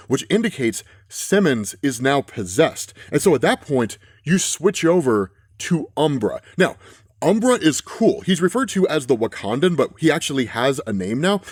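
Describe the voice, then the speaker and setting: A man casually recapping a comic issue, often tossing in "right?" and slowing down to read captions aloud. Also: on the high side, dry recording, studio quality. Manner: animated, frequent "right?" asides, reads caption text slowly. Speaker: comics explainer host.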